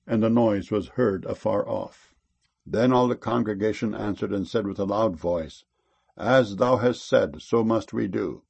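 A man reading Bible verses aloud in a solemn, measured way. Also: on the low side, gravelly, darkish tone, husky. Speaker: scripture reader.

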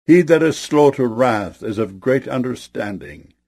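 A man reading scripture aloud in a steady, solemn manner. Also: mid-range voice, a little slow, no room sound, clean studio sound. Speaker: Bible reader.

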